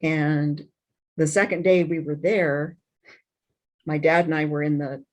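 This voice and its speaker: A middle-aged woman, a guest in an interview, recounts a painful personal story, emotional and halting, with many restarts and fillers. Her voice is low and steady.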